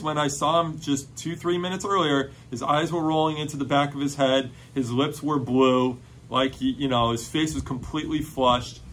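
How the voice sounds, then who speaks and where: A man telling a personal faith testimony in an excited, storytelling way, full of "like" fillers. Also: fairly high pitch, a little hiss or hum.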